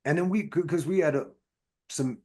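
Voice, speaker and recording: Husky-voiced man telling rambling stories. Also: a little high, moderate pace. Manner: profane, rambling, animated anecdotes. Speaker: podcast guest, actor. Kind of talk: casual storytelling chat.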